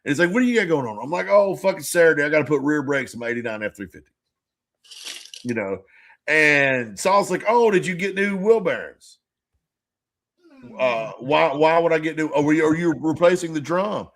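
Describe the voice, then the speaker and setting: A man with a fairly high voice co-hosts a casual podcast chat. He tells long, rambling stories, plays out both sides of conversations, and curses freely. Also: lively intonation, normal speed, a bit bright. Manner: rambling storyteller who swears freely and acts out conversations. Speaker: podcast co-host.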